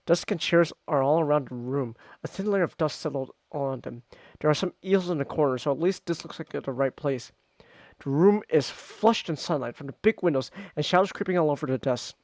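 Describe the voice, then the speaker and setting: A man with a fairly high voice streams a visual novel, reading the narration aloud and chatting casually at a fairly quick pace with no room sound. He's rambling and animated, repeating words and himself as he goes.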